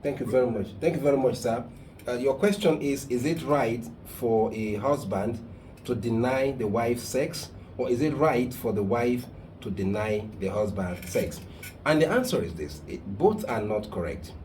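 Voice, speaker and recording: A man's voice: medium pitch, animated, normal speed, darkish tone, slight background noise. A man hosting a call-in advice show, speaking in an emphatic, preachy way that gets heated. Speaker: radio call-in host and counselor.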